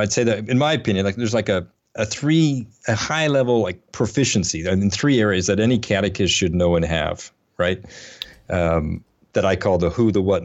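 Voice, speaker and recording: A man's voice: low-pitched, muffled recording. A man hosting a casual podcast, rambling and self-deprecating, with lots of fillers and restarts. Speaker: podcast host. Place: Atlanta area.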